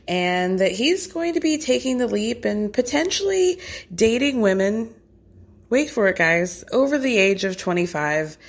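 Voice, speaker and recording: Chatty gossiping woman. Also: medium pitch. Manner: chatty, gossipy, lots of "like" and asides. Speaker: reality TV recapper. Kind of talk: casual recap chat.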